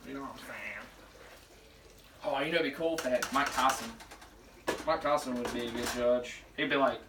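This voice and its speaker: A man's voice: mid-range voice, fairly quick, long pauses. Rambling jokey young man in a kitchen. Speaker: show applicant. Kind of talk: casual audition vlog while cooking. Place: home kitchen. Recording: echoey kitchen, voice from far off, faint noise.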